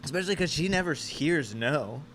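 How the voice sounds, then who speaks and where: A man's voice: on the high side, lively intonation, fairly bright tone, slight background noise. Joking young man on a podcast. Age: 20s. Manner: joking, laughs often, reads aloud haltingly. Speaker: podcast co-host. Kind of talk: casual comedy podcast banter.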